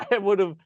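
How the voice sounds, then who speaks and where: A man with a Chicago accent hosting a casual interview, an animated storyteller who laughs often, over a video call. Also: dry recording. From Chicago, United States. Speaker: host. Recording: dull, dry lo-fi sound.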